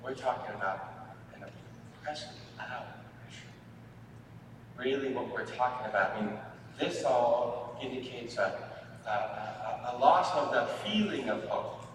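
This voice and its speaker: Man, halting sermon-style talk, far from the mic, long hall reverb. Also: mid-range voice, lively intonation, noisy background. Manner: halting, repeats words, folksy asides. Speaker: marriage and family therapist speaking at a church event. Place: church hall.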